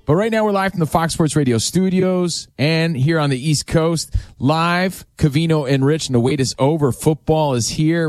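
A man hosting a sports radio show, chatting jokily and reading sponsor spots from the studio. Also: on the high side. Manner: animated, jokey, reads sponsor spots. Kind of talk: radio show talk and ad reads.

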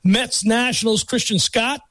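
A man's voice: very high voice, steady tone, measured pace, bright, forceful tone, no echo. A man co-hosting a casual sports podcast, rattling off names with playful emphasis, on a close mic. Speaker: podcast co-host.

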